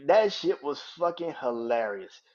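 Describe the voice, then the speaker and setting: A man's voice: a little high, very animated, measured pace, highs cut off. A man hosting a solo wrestling podcast, talking in a loose, profane way, laughing hard and acting out the lines of the people he quotes. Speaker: podcast host. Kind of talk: casual solo wrestling commentary.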